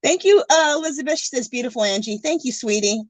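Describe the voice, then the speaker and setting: A middle-aged woman hosts a live art stream from home in an animated, sing-song voice that rises high. She reads viewer comments aloud in a chatty, gushing way and sounds teary. The sound is close and dry. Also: quick pace, no echo. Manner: warm, gushing, emotional, scattered. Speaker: art livestream host. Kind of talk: casual livestream chat reading comments.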